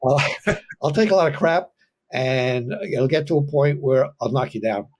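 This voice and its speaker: A man who serves as a fire officer, a guest in an interview, speaking calmly with halting restarts. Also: mid-range voice. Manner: calm and measured, with halting restarts. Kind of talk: casual interview talk.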